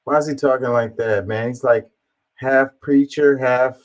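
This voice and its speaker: A man's voice: mid-range voice, fairly even intonation, measured pace, rough recording. A man giving casual, amused reaction commentary on video clips, with a laid-back delivery and lots of fillers.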